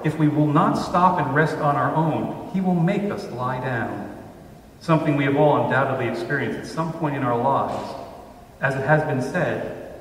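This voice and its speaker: Man, pastor, sermon, slightly high voice, measured and emphatic, far from the mic, long church reverb. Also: a little hiss or hum. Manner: measured, with slow emphatic pauses on scripture. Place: church sanctuary. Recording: roomy church hall from far off.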